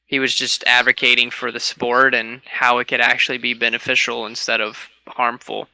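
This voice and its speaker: Young male podcast co-host, bright smooth voice, close dry mic, animated storyteller. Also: medium pitch, normal speed, no room sound. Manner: animated storyteller, laughs often. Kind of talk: casual chat.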